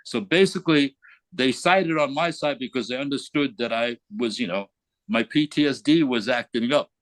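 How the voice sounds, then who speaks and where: An older man, a veteran, talking casually in an interview, blunt and profane, getting animated as he retells his story. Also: mid-range voice, moderate pace, no room sound. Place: remote call from abroad.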